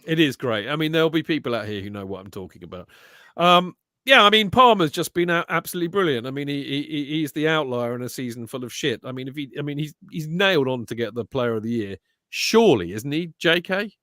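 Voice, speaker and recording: Chatty, excitable man hosting a football podcast. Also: fairly high pitch, fast talker, dry recording, studio quality. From England. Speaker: podcast host. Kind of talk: casual football podcast chat.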